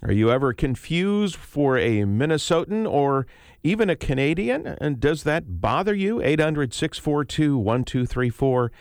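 A man's voice: a little high, big pitch swings, dry recording, clean studio sound. Male public radio morning host. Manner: friendly, measured interviewer with fillers.

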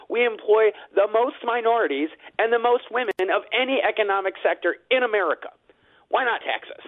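A man's voice: a little high, no room sound. A man who owns a restaurant, speaking as a radio guest with frustrated sarcasm, heard over a phone line. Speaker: restaurant owner.

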